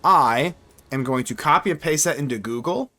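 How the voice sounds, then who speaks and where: A man hosting his channel, giving live gameplay commentary in a chatty, excitable way, thinking aloud as he plays. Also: medium pitch, moderate pace. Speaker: card game streamer and channel host.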